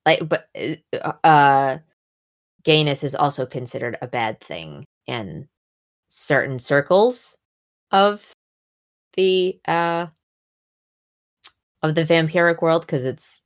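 A young woman chatting casually about books, animated and full of fillers, jumping up in pitch when she acts out quotes. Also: takes it slowly, pauses often. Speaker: podcast co-host discussing books. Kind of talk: casual chat.

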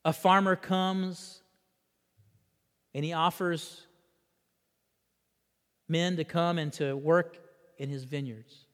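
A man preaching a sermon, swinging between loud emphasis and hushed passages and leading the congregation in repeating lines. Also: on the high side, steady tone, slow, long pauses. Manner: leads the congregation in call-and-repeat. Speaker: pastor. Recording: long reverb of a large hall.

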